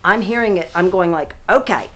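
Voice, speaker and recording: Mom of four chatting about her role, lively, laughs easy. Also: medium pitch, measured pace, lo-fi sound. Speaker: stage actor. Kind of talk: casual interview chat.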